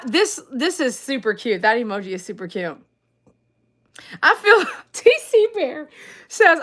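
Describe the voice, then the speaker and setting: A woman's voice: high voice, pushed and bright. A woman hosting a casual live stream, reading viewer comments aloud and laughing often. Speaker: livestream host reading chat.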